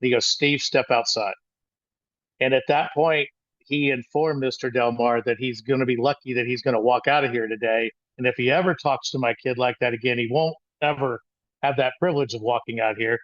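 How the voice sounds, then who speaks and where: An older man in his sixties tells a story from his own childhood, wandering and halting as he goes, with plenty of restarts. The sound is dry and a little dull, with no room around his voice. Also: medium pitch, fairly even intonation, no room sound. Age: 60s. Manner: rambling, halting with frequent restarts. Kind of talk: personal storytelling talk.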